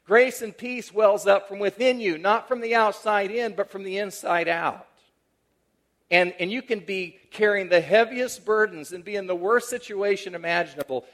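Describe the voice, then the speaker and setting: A middle-aged male pastor preaching a sermon, telling a personal story in a conversational way that swings from animated emphasis to a hushed, tender tone. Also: high-pitched, moderate pace.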